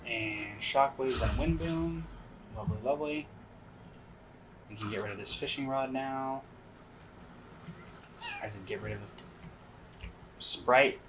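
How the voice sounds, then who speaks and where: A man's voice: mid-range voice, unhurried, pauses often, background noise. Man with a dry, sarcastic commentary voice. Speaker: game commentator. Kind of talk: casual gameplay commentary.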